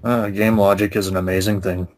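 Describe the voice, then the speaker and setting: A man's voice: sits low, level tone, fairly quick. A man chatting casually about games with a friend, laid-back with short dry replies and chuckles. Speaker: co-host of a gaming channel. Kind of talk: casual ranting chat with a friend.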